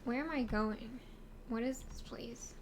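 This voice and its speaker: A woman's voice: fairly high pitch, unhurried, a little hiss or hum. A woman streamer giving casual game commentary, rambling and giggly, asking herself questions as she plays.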